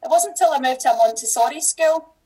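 On a rough recording, a middle-aged woman from Scotland, a teacher, speaks with a Scottish accent as a chatty podcast guest. Her warm, high voice runs a little fast, full of restarts and laughter.

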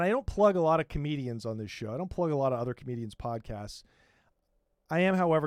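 A man's voice: on the high side, smooth, no room sound, clean studio sound. A man hosting a comedy podcast, riffing in a profane, rambling and sarcastic way. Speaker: podcast host.

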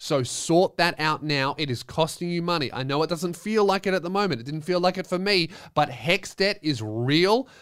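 A man's voice: fairly high pitch, lively intonation, normal speed, hardly any pauses, a bit bright, clean tone, no echo, clean studio sound. A man hosting a comedy podcast, giving listeners blunt, profane, emphatic advice. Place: podcast studio.

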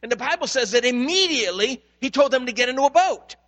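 This pastor's fairly high, slightly bright voice moves at a quick pace as he preaches animatedly in a sanctuary. He tells stories and performs the voices in them, with long reverb from the hall following his words.

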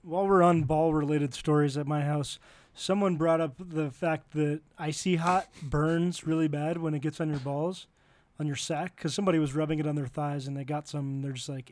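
A man's voice: a little high, fairly even intonation, a little fast, darkish tone. A young man co-hosting a podcast, telling stories in a laid-back, casual way and swearing freely. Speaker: podcast co-host.

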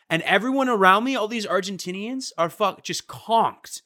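A man's voice: high-pitched, normal speed, bright, forceful tone. A young man in a casual chat, telling a travel story with lots of swearing and acting out the people he met.

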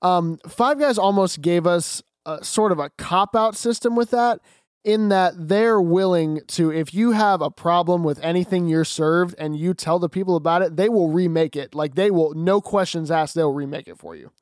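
A teenage boy chatting about his job, chatty and quick to laugh. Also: high-pitched, darkish tone, no room sound, clean studio sound. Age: teens. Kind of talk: casual storytelling chat.

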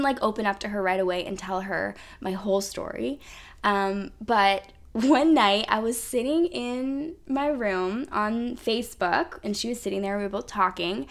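A woman hosting a podcast, telling a personal story in a chatty way full of "like" and "um". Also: mid-range voice. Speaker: podcast host. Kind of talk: casual storytelling.

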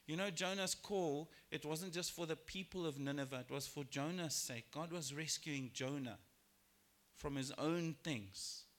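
A man preaching a sermon in church, lively and expressive, acting out biblical characters in raised voices. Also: measured pace. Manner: animated, acts out quoted voices with rising pitch and volume. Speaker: pastor. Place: church sanctuary.

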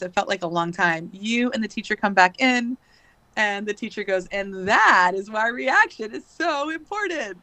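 A woman in her thirties, recorded dry, speaks at medium pitch with a slightly bright voice. On a podcast, she tells a lengthy, casual story in a chatty style heavy with fillers and "likes."

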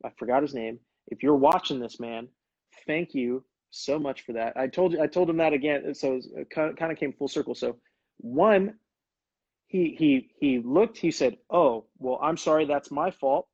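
A man's voice: medium pitch, normal speed, a little mellow, breathy edge, dry recording, muffled recording. A man in his thirties hosting a casual livestream, telling stories in a laid-back way. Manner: laid-back storytelling, calls people brother. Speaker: livestream host, former pro soccer player.

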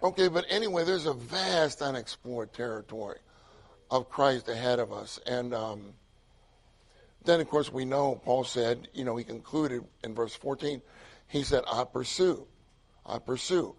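Excitable gravelly older male preacher. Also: medium pitch, measured pace. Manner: excitable, repetitive, swings from loud to hushed. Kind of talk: sermon.

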